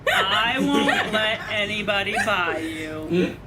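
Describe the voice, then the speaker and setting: A woman reading aloud and voicing a frantic father who shouts and laughs through his lines. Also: mid-range voice, animated, takes it slowly, distant mic, loud music behind the voice. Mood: stubborn. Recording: loud background noise.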